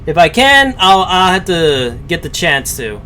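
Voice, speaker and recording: A man talks through a live stream in a loose, hesitant ramble, full of fillers and restarts. His voice sits a little high. A faint low rumble hums underneath. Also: big pitch swings, measured pace, bright, forceful tone. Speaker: streamer reacting to a story. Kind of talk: casual live-stream commentary.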